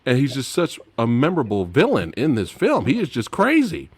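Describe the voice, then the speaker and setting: A man hosting a casual movie-review chat, animated and laughing often, his voice dropping low at the end of phrases. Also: brisk, slightly rough, no echo. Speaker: podcast host.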